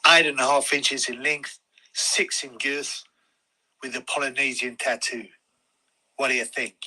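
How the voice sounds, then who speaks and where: A man voicing a crude, swaggering male boxer in a comedy skit, bragging in a husky voice. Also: mid-range voice, fairly even intonation, unhurried, bright, forceful tone, low-quality recording. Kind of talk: comedy skit voice in a parody video.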